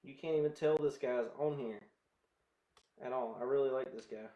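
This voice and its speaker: A man's voice: mid-range voice, moderate pace, dull audio. A man with a Southern American accent chatting in a rambling way to viewers while he restrings a guitar. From southern United States. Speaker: guitar vlogger.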